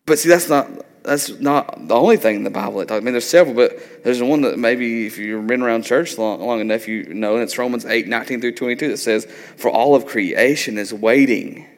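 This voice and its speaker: A man's voice: mid-range voice, brisk. Man in his 30s, pastor, casual conversational sermon, reverberant church hall. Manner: conversational, peppered with "like" and "right?".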